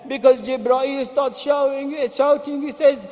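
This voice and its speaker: A man's voice: very high-pitched, steady tone, a little slow, darkish tone. A man preaching a mourning sermon in a mosque, moving between plain speech and chanted, cried-out lines. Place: large mosque hall. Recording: long hall reverb.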